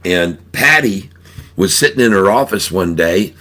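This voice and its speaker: A man's voice: low-pitched, unhurried. A man hosting a livestream, chatting casually and telling a joke, chuckling often. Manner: chuckles often, relaxed storytelling with fillers. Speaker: livestream host.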